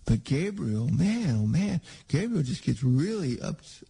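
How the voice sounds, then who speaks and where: A man's voice: a little high, very animated, unhurried, creaky, warm tone, husky, poor audio. A man preaching a sermon in a conversational, rambling way with frequent restarts.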